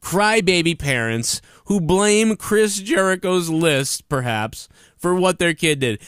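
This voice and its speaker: Male wrestling commentator with a somewhat high voice, ranting and swearing into a dry mic. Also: animated, slow pace, a bit bright, clear, resonant tone, no room sound. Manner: profane, heated ranting.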